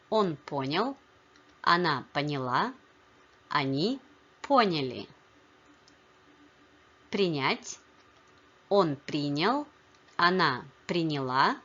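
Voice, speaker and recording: A woman teaching a language lesson, explaining grammar in a clear, measured way and spelling out word forms one by one. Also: low voice, fairly bright tone, highs cut off. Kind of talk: slow, careful language lesson.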